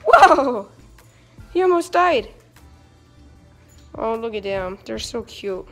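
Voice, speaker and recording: A woman's voice: on the high side, big pitch swings, takes it slowly, over music. A teenage girl vlogging at home on her phone, chatting playfully to her dogs and viewers. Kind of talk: casual vlog talking to dogs and viewers. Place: family home, indoors. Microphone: phone camera.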